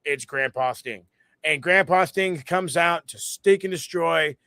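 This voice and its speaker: A man with a fairly high voice rattles through a wrestling recap, swearing freely and acting out quotes with mock voices. The sound is dry and close, with no room around it. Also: measured pace, no room sound. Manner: profane, animated storytelling with mocking quoted voices. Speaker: podcast co-host. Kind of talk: casual wrestling review chat.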